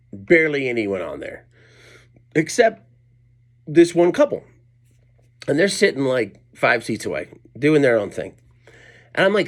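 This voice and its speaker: Rambling middle-aged man spinning a story. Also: medium pitch. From Colorado, USA. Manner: rambling and self-deprecating, with many asides and restarts. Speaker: comedian and storyteller. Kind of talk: casual storytelling monologue. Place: at home late at night.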